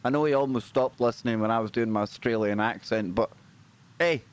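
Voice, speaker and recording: A man's voice: medium pitch, fairly quick, clean tone. A Scottish man co-hosting a paranormal livestream, chatting casually and upbeat, often repeating phrases for emphasis. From Scotland.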